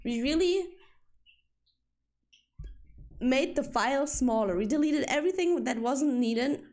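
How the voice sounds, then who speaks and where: A woman's voice: high-pitched, expressive, moderate pace, darkish tone. A young woman with a German accent chatting casually on a livestream, rambling and swearing when annoyed. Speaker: streamer.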